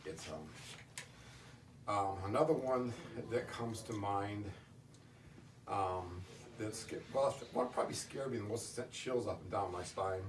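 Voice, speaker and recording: A middle-aged man answering interview questions, telling stories in a halting way with many restarts. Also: on the low side. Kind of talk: casual storytelling in an interview. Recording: distant roomy recording with faint noise.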